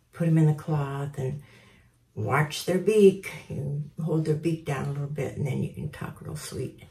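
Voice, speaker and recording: A woman's voice: low-pitched, warm tone. A woman bird breeder giving a casual handling demonstration, cooing baby talk to a tame parrot, often near a whisper. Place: aviary indoors. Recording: roomy, from a distance.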